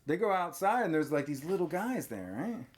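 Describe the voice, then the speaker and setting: Male host in his forties, casual movie recap, pitch swinging widely, hams up the scenes. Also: moderate pace. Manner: animated storyteller, acts out scenes with lively exclamations. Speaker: podcast host.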